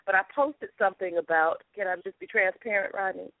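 Over a tinny phone connection, a woman speaks in a mid-range voice, slightly quick, with a dry sound. A guest author and comedy writer from Los Angeles, USA, she's being interviewed on a talk show and comes across candid, expressive and testimonial, laughing a lot.

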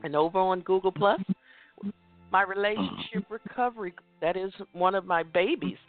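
A woman hosting a motivational talk show, speaking emphatically and repeating affirmations slowly. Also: mid-range voice, soft background music. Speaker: host. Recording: tinny phone line.

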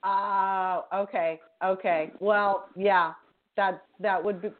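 A woman's voice: medium pitch, fairly even intonation, slow pace, phone-quality sound. A woman hosting a live show, bubbly and gushing as she chats. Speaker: host.

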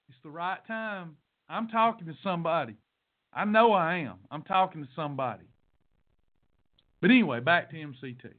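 A man hosting a podcast, coaching listeners on a diet program in a fervent, repetitive, sermon-like way. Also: high voice. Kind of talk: preachy motivational monologue. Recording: tinny phone-like sound.

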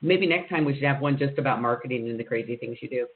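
A man's voice: medium pitch, quick pace. A man hosting an interview show, chatting easily and affirming his guest over a tinny phone line. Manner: chatty, with steady affirming murmurs. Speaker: podcast host. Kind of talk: casual interview chat.

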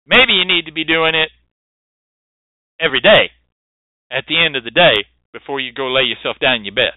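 A man's voice: a little high, expressive, moderate pace, no echo. A man hosting a show and lecturing bluntly, with swearing and preachy emphasis. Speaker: host and hoodoo teacher. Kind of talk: lecturing monologue. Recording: dry, tinny phone-like sound.

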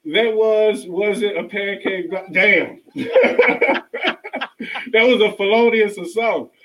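A man's voice: high voice, slow, fairly bright tone, low-quality recording. A man co-hosting a casual sports talk show, playful and giggling often. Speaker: podcast co-host.

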